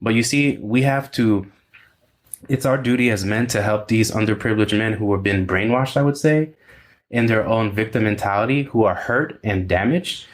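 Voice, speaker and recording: A man's voice: lowish voice, normal speed. A man working as a dating coach, talking in a brash, emphatic, streetwise way in a casual podcast chat. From from overseas.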